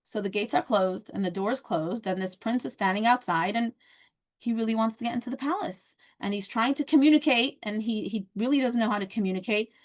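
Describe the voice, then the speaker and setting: A woman's voice: fairly high pitch, brisk. A woman teaching a casual class, telling a parable in a conversational way with many fillers and restarts. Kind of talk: casual lesson storytelling.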